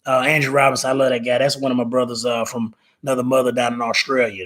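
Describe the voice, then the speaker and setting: A man's voice: medium pitch, flat delivery, fast, a bit bright. A man in his thirties hosting a casual live stream, talking in a rambling way, repeating words and reading viewer comments aloud. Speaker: live show host.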